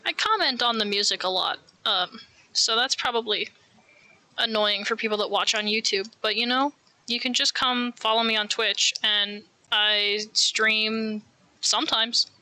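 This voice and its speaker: A woman's voice: a little high, a little slow, pushed and bright. An American woman streaming live while knitting, chatting casually in rambling, self-mocking asides.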